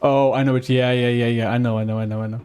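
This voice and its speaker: A man's voice: medium pitch, level tone, fast, darkish tone, clean tone, soft background music. A man streaming a video game live, chatting casually with teammates and viewers, joking and grumbling at the game. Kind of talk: casual live-stream chat while gaming.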